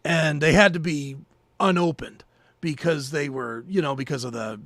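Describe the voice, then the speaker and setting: A man co-hosting a podcast, telling a story in casual chat, animated and swearing freely. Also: on the high side, moderate pace, no echo. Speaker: podcast co-host.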